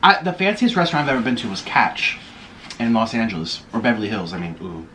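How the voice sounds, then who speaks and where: A man's voice: lowish voice, big pitch swings, fast talker, pushed and bright, slight background noise. Gushing man talking between bites. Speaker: YouTuber. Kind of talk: mukbang eating vlog chatter. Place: indoors by a window in a city apartment.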